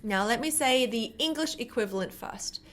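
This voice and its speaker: A young woman teaching Korean pronunciation to camera, demonstrating sounds slowly and repeating syllables louder. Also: on the high side, lively intonation.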